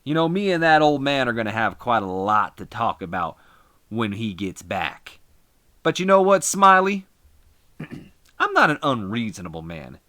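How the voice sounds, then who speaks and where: A man voicing a brash, cocky male wrestler cutting a loud, taunting ring promo. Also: medium pitch, huge pitch swings, normal speed, no echo, studio quality. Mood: irritated.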